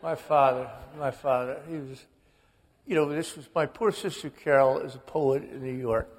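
A man's voice: mid-range voice, normal speed, long reverb tail. A man in his sixties, an author, telling wry, self-mocking family stories in a radio interview. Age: 60s.

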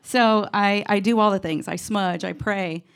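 Woman storyteller, gravelly, rambling and self-mocking comic delivery. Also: medium pitch, unhurried. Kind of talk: comedic storytelling.

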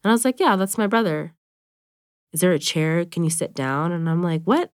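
A woman's voice: on the low side, expressive, normal speed, clean tone, no echo, clean studio sound. A young woman in her twenties speaking bluntly and candidly in an interview, saying "like" often. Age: 20s. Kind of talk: emotional interview recollection.

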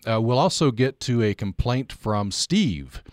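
A man's voice: mid-range voice, sing-song, measured pace, no room sound, clean studio sound. A male radio host leading an interview and call-in show, conversational and wry.

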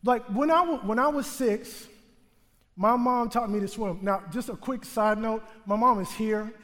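A man's voice: high-pitched, normal speed. Brief: male stage storyteller, funny and self-deprecating, voice ringing through a big theater. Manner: humorous, self-mocking, animated delivery. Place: theater stage before a live audience. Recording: long theater hall reverb.

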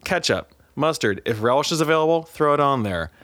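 A man's voice: fairly high pitch, lively intonation, a little fast, fairly bright tone, dry recording. A man hosting a podcast, bantering playfully with mock outrage and laughing often. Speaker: podcast host. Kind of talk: casual banter and sign-off.

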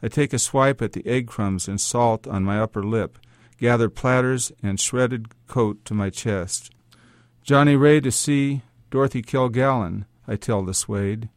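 A man's voice: mid-range voice, measured pace, no room sound. A man reading first-person literary fiction aloud in a wry, hard-boiled manner, in a dry, close recording. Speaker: story reader.

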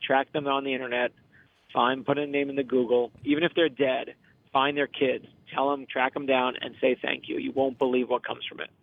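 A man's voice: mid-range voice, level tone, moderate pace, gravelly, no room sound. A middle-aged man, a guest author, telling stories earnestly in an interview and acting out the quotes as he goes. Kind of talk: casual interview storytelling. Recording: tinny phone line.

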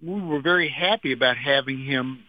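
A man's voice: medium pitch, normal speed, dry recording. Older man, storytelling interview, dry close sound, slightly dull audio. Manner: animated anecdotes with acted quotes. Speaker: musician guest.

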